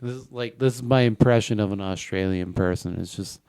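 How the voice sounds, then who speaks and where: A man talking as a guest on a comedy podcast, rambling and halting as he explains his jokes. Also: fairly low pitch, darkish tone, smooth, dry recording. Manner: rambling, halting, full of fillers. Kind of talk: casual chat.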